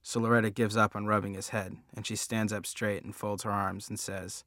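A man narrating a first-person story in a plain, steady way. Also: fairly low pitch, fairly quick, hardly any pauses, no echo, studio quality. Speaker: audiobook narrator.

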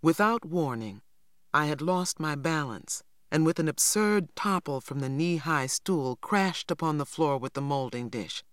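An audiobook narrator reading a first-person novel in a measured, even storytelling manner. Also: medium pitch, no echo, studio quality.

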